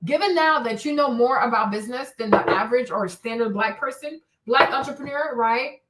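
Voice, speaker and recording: High-voiced emphatic woman host. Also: a little fast, hardly any pauses, fairly bright tone, echoey room, slight background noise. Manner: emphatic, chatty, keeps checking in with "right?" and "okay?". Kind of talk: commentary livestream.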